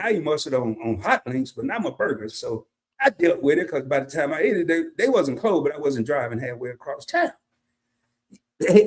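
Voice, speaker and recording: A man, telling a casual story on his live stream and greeting chatters by name. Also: high-pitched.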